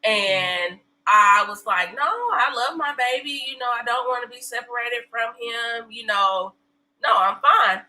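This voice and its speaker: Bright-voiced woman telling lively stories. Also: a little high, measured pace, low-quality recording. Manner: animated storyteller, laughs often, acts out quotes. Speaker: podcast guest, breastfeeding specialist. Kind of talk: casual interview chat.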